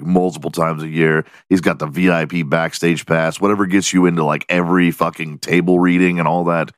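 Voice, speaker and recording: A man with a very low voice hosts his podcast alone, rambling casually and swearing freely. He laughs at his own jokes, and the sound is dry and close with no room around it. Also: dry recording. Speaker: podcast host. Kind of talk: casual solo podcast monologue.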